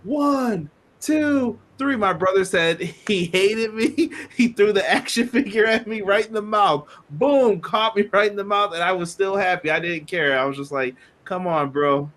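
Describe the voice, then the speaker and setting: A man in his thirties co-hosting a casual wrestling podcast, telling animated stories and acting out quotes. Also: high voice, normal speed, hardly any pauses. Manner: animated storyteller, acts out quotes. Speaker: podcast co-host.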